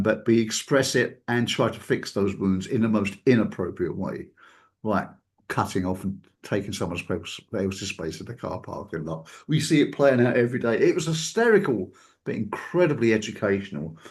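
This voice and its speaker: A man's voice: fairly low pitch, moderate pace, darkish tone. A man hosting a reflective talk show, speaking loosely and conversationally, with frequent fillers and chuckles, acting out the people he quotes. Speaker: podcast host.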